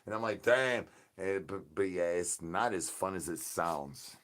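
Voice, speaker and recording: A man's voice: low-pitched, expressive, unhurried, a bit bright. Playful man chanting rhyming nonsense. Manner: sing-song rhyming nonsense words; playful, crude and boastful. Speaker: livestream host in a zombie persona. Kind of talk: in-character comedic livestream chatter.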